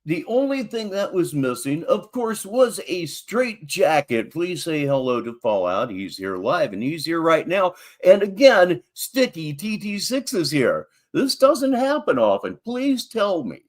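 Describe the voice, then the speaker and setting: A man hosts a livestream talk show in a voice a bit higher than most. His pitch swings widely as he greets viewers. His patter is wry and theatrical. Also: very animated, unhurried, hardly any pauses. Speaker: host.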